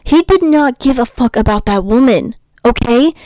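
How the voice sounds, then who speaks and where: A young woman ranting casually in a vlog, animated and chatty, swearing freely. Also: a little high, moderate pace, no echo. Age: young adult. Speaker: YouTuber.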